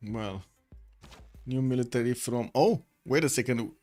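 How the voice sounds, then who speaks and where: A young man whose first language is Romanian calls a strategy game alone on his stream, his voice sitting at a middle pitch. He rambles easily from the play to his chat and back, and quiet music plays beneath him. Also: a little slow, long pauses. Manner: rambling, chatty, reads and answers chat mid-cast. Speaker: esports caster. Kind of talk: solo game commentary on a live stream.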